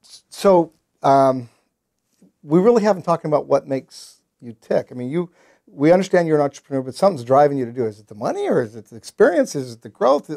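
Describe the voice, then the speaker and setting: Gravelly-voiced talk show host man. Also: a little high, sing-song, brisk, dark tone. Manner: chatty, enthusiastic, repeats words when starting questions. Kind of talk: casual interview.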